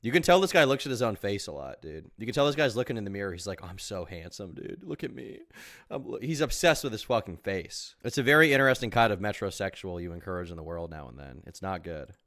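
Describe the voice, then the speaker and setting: A man's voice: lowish voice, animated, fast talker, few pauses, a bit bright, dry recording, studio quality. A man streaming reaction commentary, mocking and incredulous, swearing often and breaking into laughter.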